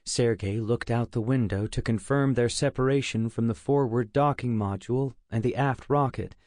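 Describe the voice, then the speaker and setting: A male audiobook narrator reads in a steady, measured way, with a voice of ordinary pitch for a man. He is recorded on a close studio mic, and the sound is dry with no room echo.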